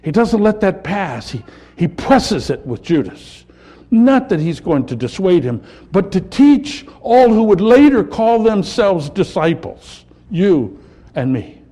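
A man preaching a sermon, building to impassioned peaks and dropping to quiet, reflective lines. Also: high-pitched, sing-song, slow. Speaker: pastor.

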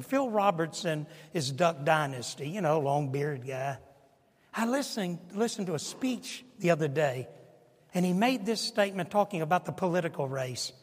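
A pastor in his sixties preaching a sermon, swinging from hushed asides to shouted emphasis. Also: a little high, animated, normal speed. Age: 60s. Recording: long hall reverb.

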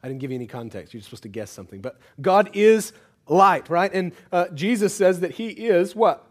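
A man with a high voice preaching to a congregation. He asks the room questions and banters with them. His delivery moves between hushed, earnest passages and loud, urgent calls to act. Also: expressive, brisk. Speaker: pastor. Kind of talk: sermon.

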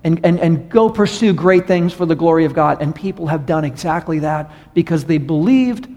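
A man preaches to his congregation with a slightly high voice, moving easily into stories and playing the people in them. His voice rings out with the long reverb of a large church sanctuary. He talks in a direct, conversational sermon manner. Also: lively intonation, normal speed, a little mellow. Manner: storytelling, acts out voices in stories. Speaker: pastor.

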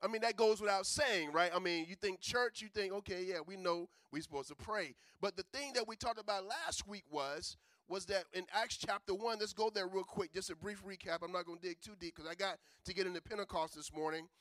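A man preaching a sermon, chatty and joking, building to loud, emphatic preaching. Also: sits high, a little fast, hardly any pauses, no echo. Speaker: pastor.

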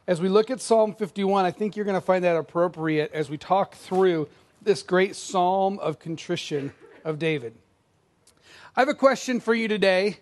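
A middle-aged man delivers a sermon from the pulpit. His voice sits high, and his tone stays casual and self-deprecating. He often slips into acted-out quotes. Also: moderate pace. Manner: conversational, self-deprecating, acts out quoted lines. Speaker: pastor.

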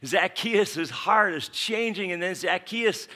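Male pastor, bright voice, animated storytelling sermon, acts out the characters. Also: a little high, a little slow.

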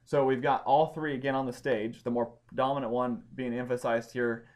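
A man teaching a Bible study class, explaining points step by step and pausing to check that his students follow. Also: mid-range voice, level tone, darkish tone. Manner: explanatory, checks understanding with questions.

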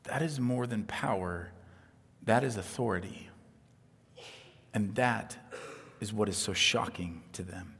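A man preaching a sermon as pastor, earnest and emphatic, dropping to a hush on key points. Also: lowish voice, unhurried, pauses often, in a large hall, a little hiss or hum.

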